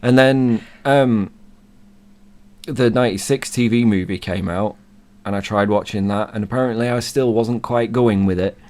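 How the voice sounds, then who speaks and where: Hoarse man rambling as a fan. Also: lowish voice, moderate pace, a little mellow. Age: 30s. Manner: rambling, enthusiastic fan talk. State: hoarse from illness. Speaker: co-host. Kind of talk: casual chat.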